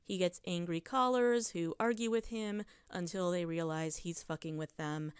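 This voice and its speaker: A woman's voice: lowish voice, moderate pace, clear, resonant tone. A woman hosting a podcast, reading scripted narration with a sardonic, wry tone. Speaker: podcast host.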